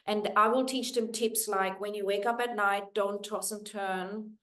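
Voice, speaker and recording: A woman guest on an interview, earnestly explaining sleep habits, her phrases often trailing off softly. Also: mid-range voice, fairly even intonation, unhurried.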